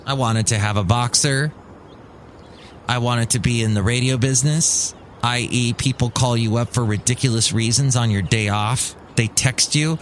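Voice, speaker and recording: A man's voice: medium pitch, fairly even intonation, normal speed, slight background noise. Wry grumbling male podcast host. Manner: wry, grumbling, mimics others in mocking voices. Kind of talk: casual solo monologue.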